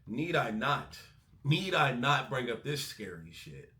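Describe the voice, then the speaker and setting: A man hosting a music breakdown channel, talking in a casual, excitable, profane way. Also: medium pitch, unhurried, reverberant. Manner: animated, excitable, swears freely. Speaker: music reaction host.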